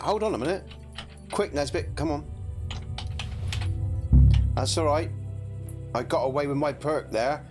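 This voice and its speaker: A gameplay streamer talking casually through a game. He chats and laughs easily, often poking fun at himself. His pitch is lively, and faint game music runs under his voice. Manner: chatty, laughing, self-deprecating.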